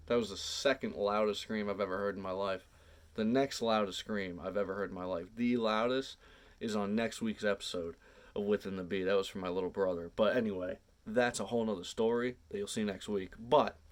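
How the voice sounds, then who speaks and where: A man telling a personal story casually to camera, animated, drawn out and sprinkled with swearing. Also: lowish voice.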